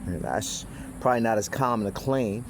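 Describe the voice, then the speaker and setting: A man's voice: fairly low pitch, moderate pace, background noise. A man in a rambling, casual monologue who swears freely, circles back on himself and restarts his sentences. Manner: profane, meandering, with frequent restarts and asides.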